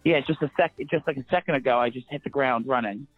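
A man co-hosting a podcast, gushing and excitable, filling his talk with "like," a bit out of breath. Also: mid-range voice, fast talker, no room sound, phone-quality sound, faint music behind. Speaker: podcast co-host. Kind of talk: casual gossip chat.

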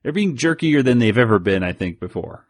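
A man's voice: mid-range voice, lively intonation, a little fast, dry recording. A man co-hosting a podcast, recapping a comic in a rambling, self-interrupting way with frequent laughs. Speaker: podcast co-host. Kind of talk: casual chat.

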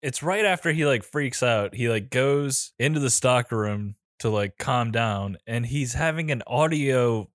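A man with a mid-pitched voice talks loosely about a film, laughing often and swearing as he picks at details. The recording is dry, with no room sound. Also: a little slow, few pauses, a bit bright, no room sound. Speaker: podcast co-host discussing a film. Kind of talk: casual chat.

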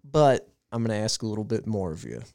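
A man's voice: on the low side, lively intonation, fast, vocal fry, darkish tone, dry recording. A man co-hosting a podcast, wrapping up with profane, jokey pleas to listeners. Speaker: podcast co-host. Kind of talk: casual podcast outro.

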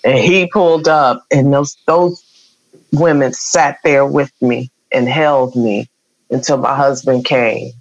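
A woman's voice: a bass voice, fairly even intonation, takes it slowly, dry recording, muffled recording. A middle-aged woman, earnestly telling an emotional personal story as an interview guest. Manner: emotional, earnest, acts out quoted voices.

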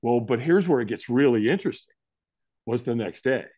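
A man's voice: fairly quick, no room sound, studio quality. A middle-aged man, a guest in an interview, telling a story and acting out what people said to him. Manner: animated, acts out quotes with big pitch jumps.

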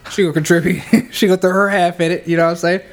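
A man's voice: high-pitched, level tone, rapid-fire. A man co-hosting a podcast, bantering casually with friends and restarting his sentences often. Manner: laid-back, stammering restarts. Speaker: podcast co-host.

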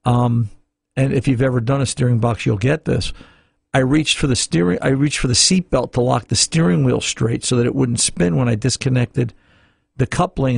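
A middle-aged man chats his way through a radio car-repair show. He rambles, restarts and circles back to stories. His voice is heavily gravelly and husky, and the sound is dry and close. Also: medium pitch, a little mellow, dry recording. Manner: rambling, chatty, many restarts and fillers. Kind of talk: casual radio talk.

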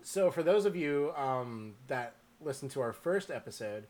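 A man's voice: medium pitch, lively intonation, normal speed, darkish tone. A man joking around as a guest on a casual podcast, talking into an earbud headset mic and laughing often. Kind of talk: casual comedic chat.

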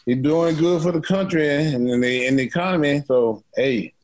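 A man's voice: on the high side, moderate pace, darkish tone. A man chatting as a podcast guest, plainspoken, laughing and repeating his words. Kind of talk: casual chat.

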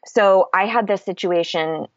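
A woman's voice: mid-range voice, unhurried, no room sound, lo-fi sound. A woman speaking candidly in a casual podcast conversation, explaining ideas and swearing freely.

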